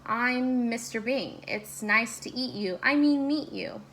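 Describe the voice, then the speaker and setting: A woman's voice: a little high, measured pace, creaky, a bit bright, slight background noise. A woman doing a stammering, sheepish man. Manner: stammering, hesitant. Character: awkward, sheepish grown man. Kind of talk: children's storybook read-aloud.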